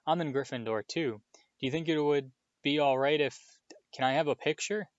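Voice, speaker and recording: A man's voice: mid-range voice, a little fast, no room sound, close to an everyday voice. A man voicing an eager, starstruck young boy wizard who talks breathlessly and hopefully. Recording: dull, dry lo-fi recording.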